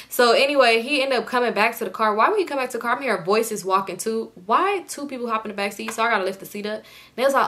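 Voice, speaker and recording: A young woman rattles off a storytime at a quick clip, her voice bright and sharp and sitting a little high. She is exasperated, swears freely and retells everything with animation. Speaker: storytime YouTuber. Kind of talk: casual storytime.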